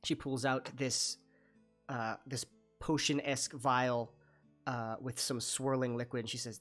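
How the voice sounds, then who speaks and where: A man's voice: medium pitch, flat delivery, measured pace, a bit bright, faint music behind. A man narrating a tabletop game as dungeon master, loose and full of fillers.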